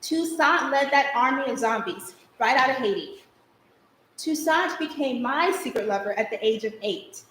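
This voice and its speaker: Performing as a spirited girl looking back on her childhood, a young stage actor delivers a vivid, rhythmic theatrical monologue. She's high-pitched and expressive, with a fairly bright tone and moderate pace. It's an echoey live recording from the stage, with a little background noise.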